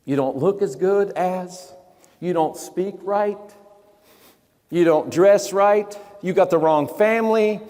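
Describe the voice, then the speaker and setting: A man voicing a hushed spirit that taunts and whispers defeat, in a reverberant hall. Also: sits high, slow. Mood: taunting.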